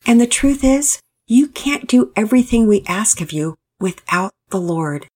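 A woman voicing a patient but firm father in a storybook, speaking calmly and steadily. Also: mid-range voice, measured pace, slightly rough, voice pushed up.

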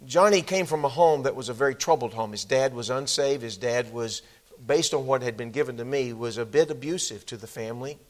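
A man's voice: medium pitch, brisk. A man preaching a sermon as pastor, telling a story and acting out the people in it, then closing in prayer. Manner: storytelling, acts out quoted voices.

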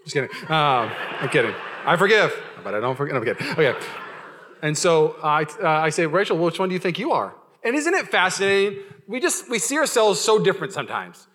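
This is a young man preaching a sermon in a relaxed, conversational way. His voice is bright and forceful and sits a bit high. He jokes often and restarts his sentences as he goes. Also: brisk. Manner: casual, joking, many fillers and restarts. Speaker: pastor.

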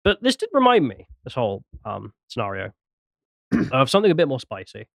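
Lively, laughing male podcast host. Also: medium pitch, a little fast, vocal fry, no room sound, studio quality. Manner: laughs often, reads posts aloud. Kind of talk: casual podcast chat.

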